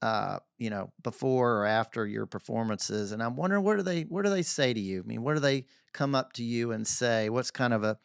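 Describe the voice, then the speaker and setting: A man hosting an interview podcast, asking measured, somewhat halting questions with fillers. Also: mid-range voice, creaky, clear, resonant tone, no room sound, clean studio sound. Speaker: podcast host.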